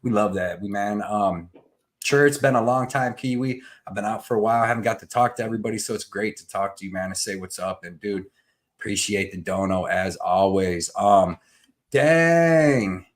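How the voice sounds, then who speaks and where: A man hosting a live betting show, chatting loosely, joking and shouting out names from the chat. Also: on the low side, normal speed. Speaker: podcast host.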